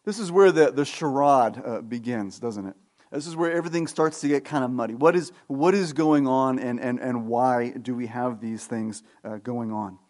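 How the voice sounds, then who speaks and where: A pastor giving a Sunday sermon in a conversational manner, often checking in with "right?" and reading scripture aloud at length. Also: male voice, mid-range voice, normal speed, a little mellow. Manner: conversational preaching with frequent "right?" tags.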